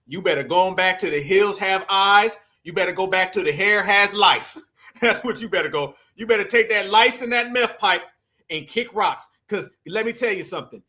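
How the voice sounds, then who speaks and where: A man's voice: high-pitched, moderate pace, sharp tone. A man from the United States hosting a livestream, talking emphatically and repetitively and preaching straight to his audience. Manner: emphatic and repetitive, calls listeners "fam"; preachy, addresses the audience directly. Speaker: livestream host. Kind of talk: livestream commentary.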